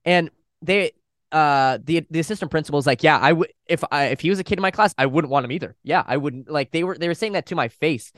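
Casting: young male podcast guest, slightly high voice, dry close sound, animated storyteller. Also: no room sound. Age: young adult. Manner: fast, animated retelling with quoted voices and swearing. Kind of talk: casual storytelling.

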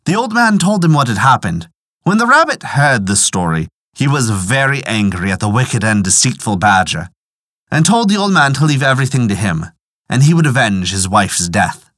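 A man narrating a folk tale in a measured, expressive way. His pitch rises and falls a great deal as he tells it. The voice sounds close and dry, with no room around it. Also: no room sound. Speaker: storyteller.

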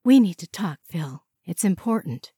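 A woman's voice: on the low side, very animated, moderate pace, warm tone, breathy edge, no echo, studio quality, heavily acted. A woman voicing Georgia, an earnest young woman who talks in an urgent, pleading way. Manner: pleading, insistent.

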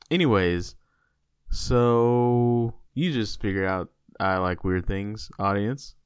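A man with a lowish voice, co-hosting a casual podcast and chatting in a loose, joking, rambling way. The recording is dry and a little dull. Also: slow pace, clean tone, dry recording. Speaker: podcast co-host. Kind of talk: casual chat.

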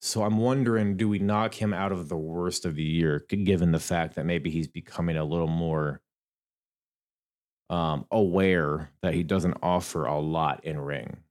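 A young adult man hosting a solo podcast, talking casually and thinking out loud with frequent fillers and restarts. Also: low voice, steady tone, normal speed. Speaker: podcast host.

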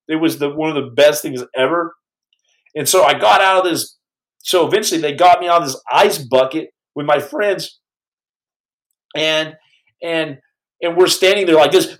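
A man telling a story on his podcast in a casual, animated way, stumbling over restarts and acting out the quotes. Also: fairly high pitch, low-quality recording.

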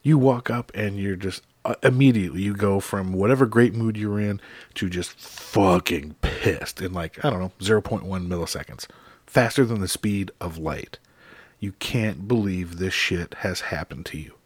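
A man's voice: fairly low pitch, normal speed, dry recording. A middle-aged man from the United States delivering an exasperated, profane comedic rant in a casual, emphatic way.

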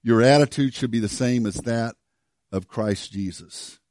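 A man preaching a sermon, telling a story earnestly with many restarts and dropping to a hush for emphasis. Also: medium pitch, a little slow, dry recording, studio quality. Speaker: pastor.

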